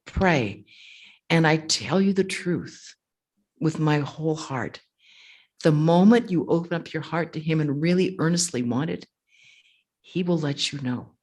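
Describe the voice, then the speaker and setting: A woman, a monastic speaker, telling stories to a retreat audience and answering questions, animated, acting out the voices of others and laughing often. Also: deep voice, measured pace. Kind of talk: storytelling talk with audience questions.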